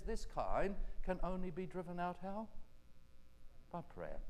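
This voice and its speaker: A man preaching a gentle, conversational sermon full of rhetorical questions. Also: on the high side. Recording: echoey hall reverb.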